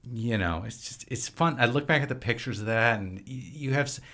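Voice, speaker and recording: A man from Wisconsin, a filmmaker and actor, chatting as a podcast guest in a relaxed, rambling storytelling way. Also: medium pitch, a little fast. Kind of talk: casual conversation.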